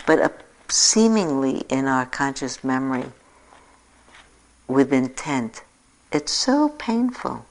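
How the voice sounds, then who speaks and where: Low gravelly older woman teaching. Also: low-quality recording. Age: 60s. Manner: reflective, gently self-mocking storytelling. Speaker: meditation teacher. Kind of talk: dharma talk.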